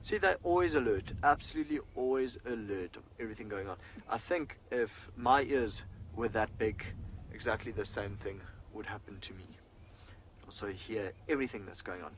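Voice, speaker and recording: A man's voice: on the low side, normal speed, slight background noise, poor audio. A man working as a safari guide, explaining animal behaviour and answering viewer questions on a live broadcast from outdoors in the bush. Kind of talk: live wildlife broadcast commentary. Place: outdoors on a game drive in the bush.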